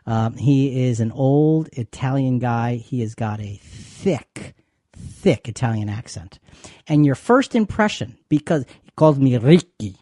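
A man's voice: mid-range voice, expressive, slow, warm tone, dry recording, studio quality. A man co-hosting a faith talk show, chatty and given to repeating words as he explains. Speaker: co-host.

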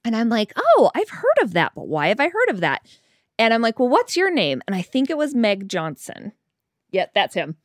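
A woman chatting casually and telling a story, acting out quoted dialogue in a higher voice. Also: wildly swooping pitch, moderate pace, no echo, clean studio sound.

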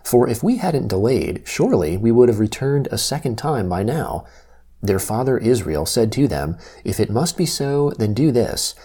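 A man giving a steady, expressive scripture reading. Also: medium pitch, normal speed, breathy edge. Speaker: scripture reader.

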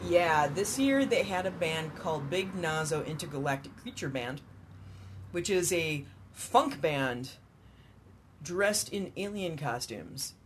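A man's voice: a little high, animated, slow, a little hiss or hum. Male podcast co-host, casual, laughs a lot, a bit worn out. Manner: enthusiastic, laughs often while talking. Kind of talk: casual chat.

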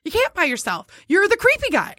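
A woman telling a funny dating story in casual chat, animated and laughing often as she acts out what was said. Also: extremely high pitch, fairly quick, dry recording, studio quality.

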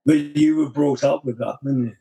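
This man has a mid-pitched voice that sounds dark and mellow, with a husky edge. He guests on a podcast in easy conversation, laying out his views in a reflective, measured way. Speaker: podcast guest and blog writer. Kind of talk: casual conversation.

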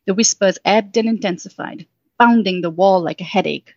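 A woman summing up her story, then reading it aloud as storybook narration in a soft, unhurried way. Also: mid-range voice, dry recording. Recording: dull, dry sound.

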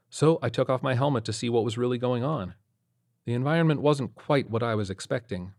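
A man's voice: fairly low pitch, a little mellow. A man narrating a first-person horror story, with a tense, suspenseful delivery.

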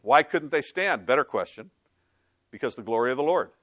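A man's voice: medium pitch, animated, fairly quick, fairly bright tone, no room sound, clean studio sound. A male pastor preaching a sermon in a conversational, emphatic way, with frequent rhetorical questions.

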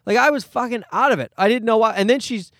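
A man's voice: extremely high pitch, quick pace, a bit bright, dry recording, studio quality. A young man from Canada hosting a podcast, telling a rambling, profane story in casual monologue. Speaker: podcast host.

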